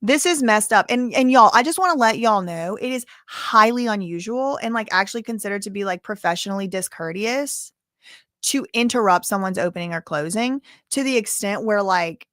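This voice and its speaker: A woman hosting a stream, reading court transcript quotes aloud with animated exclamations. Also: mid-range voice, moderate pace, dry recording, studio quality. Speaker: commentary host.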